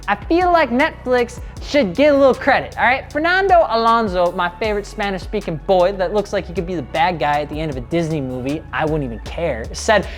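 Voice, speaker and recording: A woman hosting a scripted commentary video, speaking casually with sarcastic jokes and side remarks. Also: mid-range voice. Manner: sarcastic, joking asides. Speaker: video essayist.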